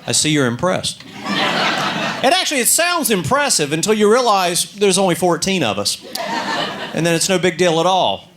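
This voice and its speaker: A man doing a stand-up comedy routine, telling stories deadpan and acting out the people in them. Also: high-pitched, normal speed, long pauses, noisy background. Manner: deadpan storytelling with quoted characters.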